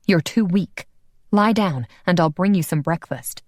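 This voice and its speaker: A woman voicing a steady, protective young man, speaking lower in a firm, reassuring way. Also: a little slow, no echo, clean studio sound.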